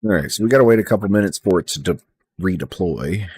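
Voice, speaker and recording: A man's voice: deep voice, expressive, fast talker, darkish tone, husky. Blunt, swearing young male streamer. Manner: blunt, swears freely, restarts sentences. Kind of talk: casual live-stream chat while coding.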